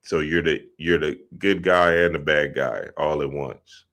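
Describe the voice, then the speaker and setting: A man's voice: very deep voice, fairly even intonation, measured pace, a bit bright. A man hosting a spiritual talk show, mixing teaching with laid-back, laughing, slangy asides.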